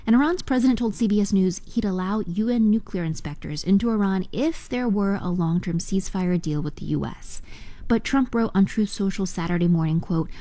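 A woman news correspondent delivering a filed radio report in an even, informative way. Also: medium pitch.

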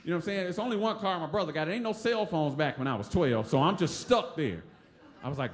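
A man with a Detroit accent telling a story live on stage, animated, acting out voices and laughing often. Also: a little high, quick pace, roomy sound, a crowd in the background.

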